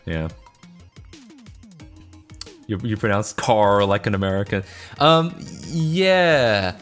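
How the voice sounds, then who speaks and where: A man's voice: lowish voice, expressive, slow, a bit bright, soft background music. Tired Australian man chatting on stream. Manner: rambling, laughing often, many restarts and fillers. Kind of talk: casual live-stream chat.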